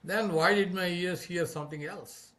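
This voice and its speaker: A man voicing a proud, jealous young woman cowherd, lifting his voice higher and louder. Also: moderate pace. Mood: reproachful. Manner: sharp, reproachful delivery.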